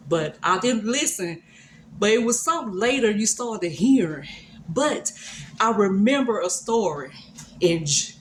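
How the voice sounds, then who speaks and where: A woman with a mid-range voice shares a casual devotional, retelling a Bible story in colloquial, conversational language. There's slight background noise.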